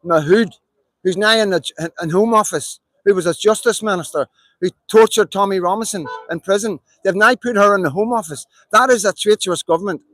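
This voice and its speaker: A man's voice: high voice, fairly quick, fairly bright tone, no room sound, low-quality recording. A man with a Belfast accent, delivering an impassioned, repetitive live-stream monologue in an emphatic, rallying way. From Northern Ireland.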